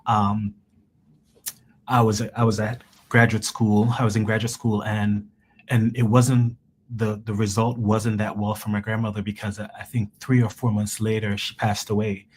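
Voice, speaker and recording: A man's voice: on the low side, little pitch movement, a little hiss or hum. A man from Jamaica, a researcher, tells a personal story in an interview, earnestly, with many restarts. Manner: halting, restarts often, earnest. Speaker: guest researcher.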